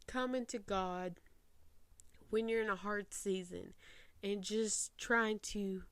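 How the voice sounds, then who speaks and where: Young woman talking to camera, voice kinda breaking, trying not to cry, slow and flat, dry sound. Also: medium pitch, clear, resonant tone, no room sound. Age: 20s. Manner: slow, earnest, voice near breaking. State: holding back tears. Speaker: faith podcast host. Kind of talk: personal reflective talk to camera. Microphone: facing camera.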